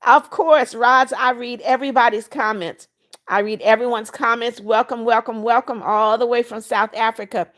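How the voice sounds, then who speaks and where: Older lady in her 70s doing a live chat, a bit higher voice, blunt and motherly, blesses everyone. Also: fairly even intonation, normal speed, fairly bright tone. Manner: greets viewers by name and blesses them, blunt and motherly. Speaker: livestream host. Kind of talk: casual livestream chat reading viewer comments.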